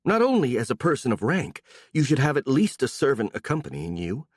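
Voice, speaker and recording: A man voicing a calm, matter-of-fact young woman with a sly, sarcastic edge, in an audiobook. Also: medium pitch, brisk, no echo, voice pushed up. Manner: calm, dry, a bit sarcastic.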